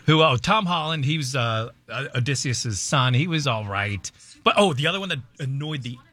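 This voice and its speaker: A man's voice: medium pitch, moderate pace, no echo. A man co-hosting casual studio banter, giving opinionated movie takes. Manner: opinionated, animated movie critique.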